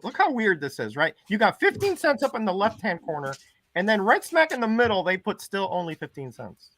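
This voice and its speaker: A man chatting casually on a video call about comics, enthusiastic with quick reactions. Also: high voice, wildly swooping pitch, fairly bright tone, slight background noise. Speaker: comic collector. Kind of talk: casual chat.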